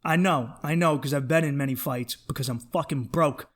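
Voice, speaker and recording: A man's voice: a little high, moderate pace. A man hosting a comedy podcast, ranting in a worked-up, profane, emphatic way.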